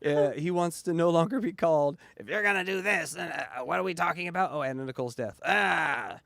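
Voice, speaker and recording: A man's voice: fairly high pitch, fairly quick, gravelly, fairly bright tone, dry recording, studio quality. A male podcast host chatting and reacting, riffing and laughing often. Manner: giggly, riffing. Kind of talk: casual commentary chat.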